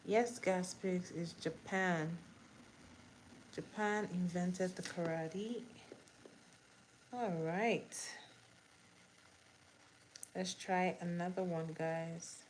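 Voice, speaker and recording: A woman's voice: fairly low pitch, fairly even intonation, slight background noise, low-quality recording. A woman hosting a casual livestream trivia game while doing her makeup, repeating each question and greeting viewers. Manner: slow, repeats questions, laughs easily. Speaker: livestream host.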